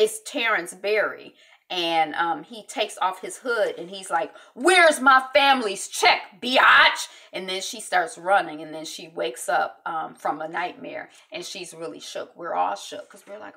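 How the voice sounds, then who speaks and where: A woman casually recapping a TV episode, with lots of ums and quick acted-out quotes from the scenes. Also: fairly low pitch, vocal fry. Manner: chatty, many ums, acts out quotes in lively voices. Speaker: TV recap host.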